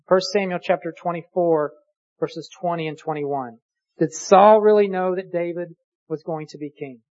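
A preacher giving a sermon, reading scripture aloud slowly and deliberately and posing rhetorical questions. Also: medium pitch, darkish tone, muffled recording.

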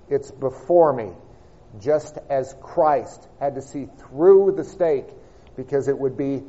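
Slow, emphatic male preacher, dull recording. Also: a little high, warm tone. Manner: measured, emphatic, stretches key words slowly. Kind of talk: sermon.

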